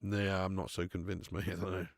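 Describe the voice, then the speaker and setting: A man hosting a live football watch-along, chatting in a sweary, jokey way and breaking into excited commentary. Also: low voice, a little fast, gravelly, no room sound. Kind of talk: live match commentary and chat.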